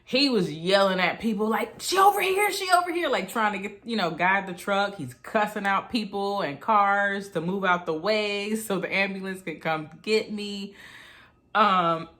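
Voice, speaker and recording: A woman in her thirties telling a personal story in a chatty, animated vlog style. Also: medium pitch, measured pace. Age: 30s. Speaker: vlogger.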